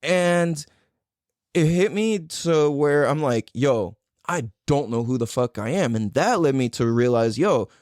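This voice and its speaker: A man hosts a podcast and tells a personal story in loose, casual speech, with plenty of "like," "dude" and swearing. His pitch rises and falls a lot as he acts out his own past reactions. The recording is dry and close. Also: animated, measured pace, darkish tone, no echo. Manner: loose and profane, full of "like" and "dude". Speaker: podcast host.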